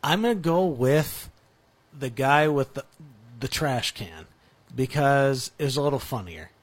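A man's voice: medium pitch, expressive, unhurried. A man co-hosting a sports radio show, bantering casually and agreeably. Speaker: radio co-host.

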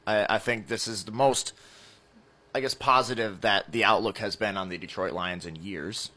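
A man's voice: on the low side, moderate pace, sharp tone. A man from Michigan co-hosting a casual sports podcast in an easygoing, agreeable way.

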